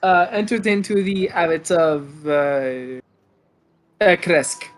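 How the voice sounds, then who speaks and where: High-voiced man playing his character politely. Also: lively intonation, slow pace. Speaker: player. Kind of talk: casual tabletop role-play.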